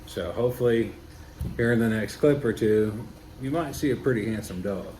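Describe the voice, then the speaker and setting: A man's voice: on the low side, moderate pace. A man, chatting casually to the camera and his dog while he grooms it indoors. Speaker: dog groomer and pet owner. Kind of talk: casual vlog narration. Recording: echoey room with loud ambient noise.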